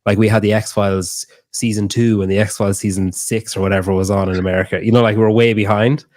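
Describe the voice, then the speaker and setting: Irish guy, young, low-pitched, loose rambling chatter with lots of swearing, dry close sound. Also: flat delivery, a little fast, darkish tone, no echo. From Ireland. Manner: rambling, swears freely, laughs often. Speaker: guest. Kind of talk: casual chat.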